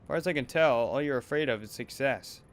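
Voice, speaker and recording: Lightly acted and a little fast, a man's ordinary mid-pitched voice plays an abusive, bullying talent manager from a game. The character berates and menaces, then wheedles, with a faint noise in the background.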